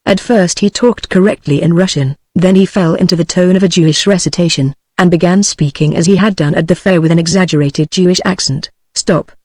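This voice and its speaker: A British-accented woman's text-to-speech voice reading a storybook aloud in an even, flat manner. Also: fairly low pitch, a little fast, few pauses, dry recording. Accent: British English. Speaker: audiobook narrator.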